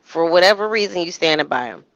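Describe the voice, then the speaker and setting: A woman chatting casually in commentary, animated, slipping into quoted voices with frequent restarts. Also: fairly low pitch, fast talker, no room sound, dull audio.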